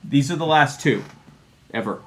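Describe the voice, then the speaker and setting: Dude cohosting a live pod, dry jokes, totally deadpan, casual. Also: male voice, mid-range voice, normal speed. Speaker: podcast co-host. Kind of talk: casual chat, live auction.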